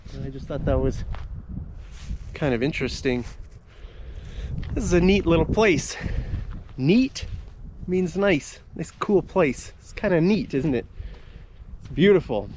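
A man's voice: medium pitch, darkish tone, slight background noise. A man hosting a casual English-teaching vlog outdoors in a park, talking while he walks and explaining words as he goes. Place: outdoors in a park with bushes and a bridge.

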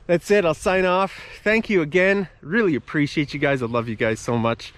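This English-teaching vlog host speaks on the high side, at a moderate pace, with a bit of brightness. He walks through a park with bushes and a bridge, casually explaining words as he talks.

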